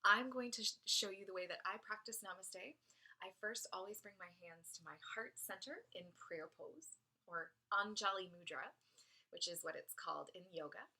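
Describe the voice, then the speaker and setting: A woman yoga instructor calmly explaining a greeting as a guest speaker. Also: medium pitch, normal speed, creaky. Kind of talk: gentle explanatory talk. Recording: provided video footage.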